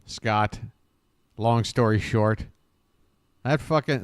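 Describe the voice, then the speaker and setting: A rambling American man hosts a casual live stream and talks to his viewers in the chat by name. His voice sits low and sounds smooth and clear. The sound is dry and close, with almost no room echo. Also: unhurried, long pauses. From United States. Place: home abroad, living in Bangkok.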